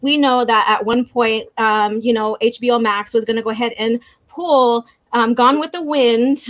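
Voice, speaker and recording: A woman hosting a casual group chat over a video call, playful and quick to laugh. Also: a little high, fairly even intonation. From Sioux reservation, United States. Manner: laughs often, playful, chatty. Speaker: podcast host.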